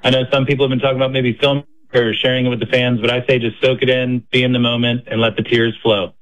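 A man's voice: mid-range voice, flat delivery, fast, fairly bright tone, lo-fi sound. A man calling into a radio show with earnest, friendly well-wishes. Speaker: caller.

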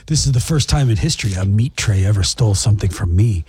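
A man's voice: on the low side, lively intonation, fast talker, mellow, slightly rough. A man co-hosting a radio show, chatting casually, laughing often and repeating himself as he thinks. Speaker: radio co-host.

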